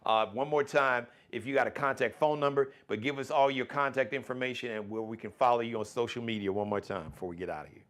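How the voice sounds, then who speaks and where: A man hosting his own live-streamed talk show, speaking in in a folksy, animated way, full of shout-outs and plugs. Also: mid-range voice, fast talker, few pauses.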